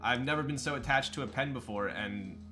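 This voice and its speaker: A man's voice: medium pitch, a little fast, music in the background. A man chatting casually on a live stream, answering his viewers' questions as they come in. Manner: chatty, loose, reads and answers chat.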